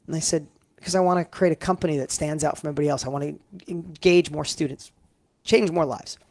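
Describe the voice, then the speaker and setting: Middle-aged male interview guest: quick, gravelly, fairly high voice, piles on emphatic repeated phrases. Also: fairly even intonation, darkish tone, no echo. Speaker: guest entrepreneur. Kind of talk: conversational storytelling interview.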